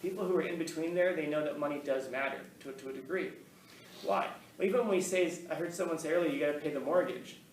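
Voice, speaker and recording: Giving a casual, rambling talk filled with laughs and restarts, a man tells stories to a room of listeners while a camera records. He talks fast at a fairly high pitch; the mic is distant, the room echoes, and a little hiss or hum sits under the faint ambience.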